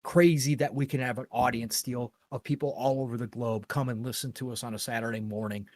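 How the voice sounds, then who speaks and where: A man's voice: mid-range voice, fairly even intonation, quick pace, a little mellow, dry recording, clean studio sound. A middle-aged man hosting a gaming podcast, talking in an earnest, rambling, opinionated way with casual swearing. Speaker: podcast host.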